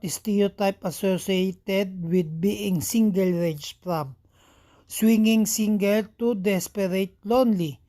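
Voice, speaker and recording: A woman's voice: mid-range voice, darkish tone. A woman teacher from the Philippines with a Filipino accent, reading lecture points aloud and repeating each one as if dictating. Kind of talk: slow reading of lecture notes.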